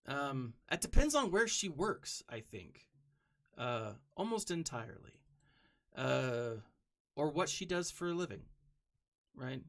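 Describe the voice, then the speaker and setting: A young adult man streaming a game live, chatting casually and rambling between moves, now and then humming to himself or shouting a greeting to a viewer. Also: medium pitch, very animated, takes it slowly, long pauses. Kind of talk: casual live-stream chat while gaming.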